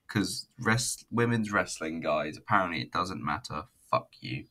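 A man's voice: low voice, expressive, a little slow, few pauses, bright, forceful tone. A man giving a casual, rambling, profane and self-mocking review of a wrestling show. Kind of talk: casual solo review commentary.

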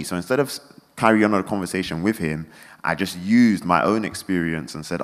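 Fast, deep-voiced man in a hall. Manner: animated storyteller, acts out quotes. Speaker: guest speaker. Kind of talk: live event interview. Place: indoor event venue. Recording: reverberant event hall.

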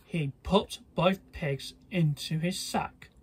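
Husky slow kids story reader, trips on words a bit. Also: medium pitch. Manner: slow, halting with small slips. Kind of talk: children's read-aloud.

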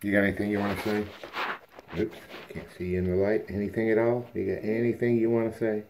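A man's voice: lowish voice, level tone, quick pace, background noise. A man breeding dogs, talking casually to puppies on a home video and cooing at them playfully, sometimes in a whisper. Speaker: dog breeder. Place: indoor room at home.

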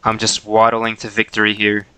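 A man's voice: lowish voice, monotone, normal speed, sharp tone, clean tone, rough recording. A man casually commenting on his own gameplay on a livestream, joking and talking back to the characters. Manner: playful, jokey, talks to the characters. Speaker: streamer.

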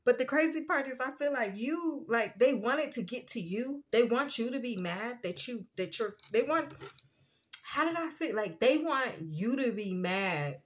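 A woman giving a casual spiritual tarot reading, chatty and quick to laugh, often asking "you know what I'm saying". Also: fairly high pitch, expressive. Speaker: tarot reader.

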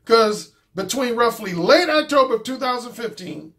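A man's voice: extremely high pitch, expressive, normal speed, a bit bright. Blunt, profane man talking. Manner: blunt, profane, repeats himself. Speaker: dating coach and YouTube host. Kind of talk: casual monologue commentary.

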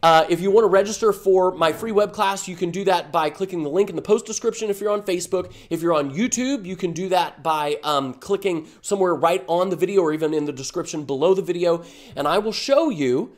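A man's voice: high voice, a little fast. A man giving a fired-up, emphatic motivational talk to camera as an online business coach, full of rhetorical questions.

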